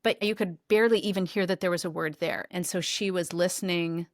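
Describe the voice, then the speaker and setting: Animated woman telling a story, dry close sound. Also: on the low side, fairly quick, dry recording. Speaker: podcast co-host. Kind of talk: conversational storytelling.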